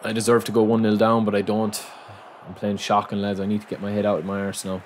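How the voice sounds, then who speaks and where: A young man giving running commentary over his own football video game, muttering to himself and breaking into loud outbursts of frustration. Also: lowish voice, monotone, fast talker, slight background noise. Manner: frustrated, muttering self-talk that bursts into loud outcries at the game. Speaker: gaming channel host.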